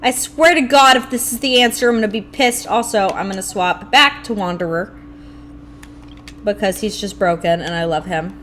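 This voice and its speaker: A young woman streaming a video game live, talking to herself and her chat in an animated, playfully grumbling way. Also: mid-range voice, normal speed. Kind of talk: live gameplay commentary.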